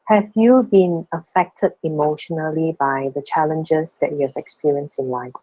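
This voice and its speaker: A woman interviewing a guest, asking gentle questions. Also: low-pitched, moderate pace, dry recording, low-quality recording.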